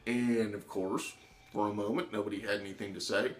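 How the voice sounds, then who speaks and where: A man telling a personal story in an animated way, acting out the voices of the people in it. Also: fairly low pitch, a little fast. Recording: echoey room.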